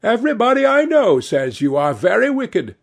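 A teasing, gossipy old society hostess, put on by a man reading a novel aloud. Her voice sits far higher than his own and swings widely with exclamations. A gravelly grain runs under it. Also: sing-song, a little slow, exaggerated voice. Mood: scolding.

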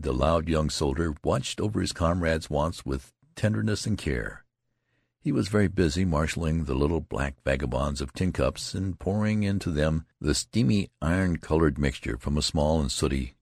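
A man reading a novel aloud in a measured, deliberate way, as scripted narration. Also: rumbling low, creaky, husky, dry recording, clean studio sound. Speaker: audiobook reader.

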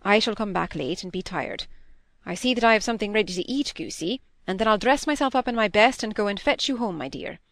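A woman reading aloud and voicing a weary middle-aged male country doctor who talks briskly and with gruff affection. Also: mid-range voice, animated, no room sound, lightly acted.

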